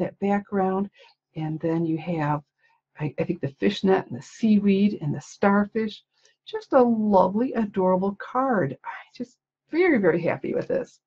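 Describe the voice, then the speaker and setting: Gushing, chatty woman with a husky voice. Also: medium pitch, darkish tone, dull audio. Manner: chatty and gushing, lots of exclamations and little laughs. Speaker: stamping demonstrator showing swap cards. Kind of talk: casual livestream show-and-tell.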